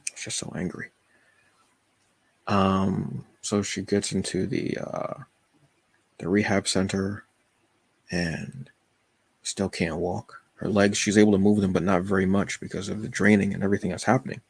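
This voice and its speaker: Deep gravelly man, halting and emotional. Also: level tone, no room sound. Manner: halting, with many fillers and restarts; emotional, confessional. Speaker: podcast host. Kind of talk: personal storytelling.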